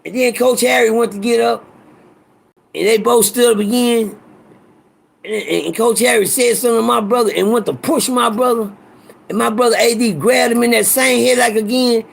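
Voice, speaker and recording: A man spins a casual, profane tale, wandering off and repeating himself as he goes. His voice sits high and is thick with gravel. There's a husky, raspy grain under every word. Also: fairly even intonation, normal speed. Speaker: storyteller. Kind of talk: casual storytelling.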